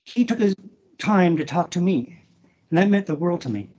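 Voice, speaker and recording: A man talking as a podcast guest about an old friend, halting with restarts, emotional and swearing freely. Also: high voice, expressive, darkish tone, lo-fi sound. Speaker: guest, former wrestler. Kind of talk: casual podcast interview.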